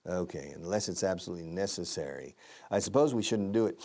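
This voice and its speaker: A man teaching a televised language lesson, energetic and encouraging, repeating phrases again and again as drills. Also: deep voice, fast. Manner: animated, encouraging, playful. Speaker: TV English teacher.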